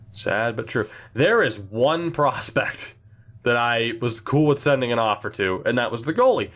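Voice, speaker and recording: A man's voice: on the low side, fairly bright tone. A young man giving casual, blunt and sarcastic commentary while thinking aloud through a hockey management game. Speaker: gaming channel host.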